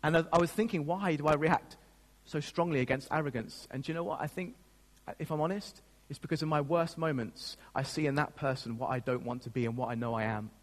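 A man's voice: fairly high pitch, steady tone, fast, long reverb tail. A man preaching a sermon as a pastor, speaking in an earnest, emotional way with frequent restarts.

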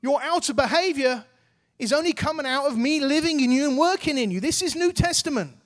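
A man's voice: very high voice, expressive, fairly quick. A man in his thirties preaching a sermon, earnest and exhorting, with casual, everyday phrasing.

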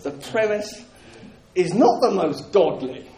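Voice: mid-range voice, big pitch swings, slow, background noise. A preacher delivering a sermon, emphatic and repeating key phrases, with jokes for the congregation. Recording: roomy echoing hall.

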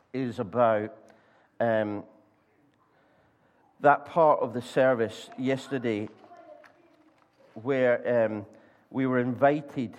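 Scottish preacher telling a lively story. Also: male voice, medium pitch. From Scotland. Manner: animated storyteller, acts out voices, halting restarts. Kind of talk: sermon with storytelling. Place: church.

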